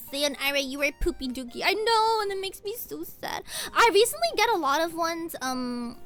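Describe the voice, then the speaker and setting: A woman's voice: sits high, pushed and bright. A young woman streaming a game from home, chatting and rambling about her dreams with laughs and squeals while she plays. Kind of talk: casual gaming stream chat.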